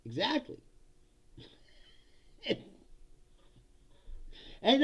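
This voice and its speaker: Gravelly, sarcastic man ranting profanely. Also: sits high, very animated, slow pace, pauses often, pushed and bright, muffled recording. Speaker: host of political comedy show. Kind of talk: casual livestream commentary, reading chat.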